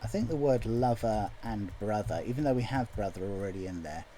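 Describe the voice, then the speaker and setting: A man's voice: fairly low pitch, expressive, fairly quick, dark tone, a little hiss or hum. A man chatting casually as he writes a song, thinking aloud in a jokey, self-deprecating way. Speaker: songwriter. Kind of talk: casual chat while writing a song.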